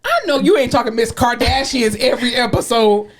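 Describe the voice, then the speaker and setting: A young adult woman co-hosting a podcast in casual chat, emphatic and quick to laugh. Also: on the high side, noisy background. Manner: animated, emphatic, laughs often. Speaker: podcast co-host.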